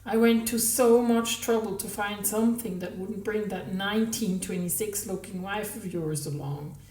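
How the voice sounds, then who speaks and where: A woman reading a novel aloud, voicing a brash, volatile, flirtatious married woman who exclaims loudly. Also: mid-range voice, normal speed, distant mic, lightly acted. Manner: loud, exclaiming, mercurial. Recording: roomy, from the mic.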